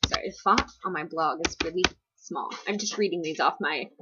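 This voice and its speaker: A woman's voice: low-pitched, fairly quick, dull audio, heavy background noise. A young woman from the US East Coast answering viewer questions in a casual Q&A vlog, rambling with lots of fillers and self-deprecating asides. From East Coast United States. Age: young adult.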